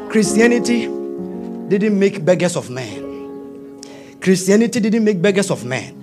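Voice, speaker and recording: A man, preaching a sermon, swinging from quiet asides to shouting. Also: sits high, big pitch swings, a little fast, loud music behind the voice. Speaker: pastor.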